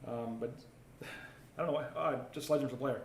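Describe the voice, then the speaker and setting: A man's voice: mid-range voice, normal speed. Chatty man hosting a card break. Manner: chatty, reads viewer comments aloud while opening packs. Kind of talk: live card break commentary. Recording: roomy echo, faint ambient noise.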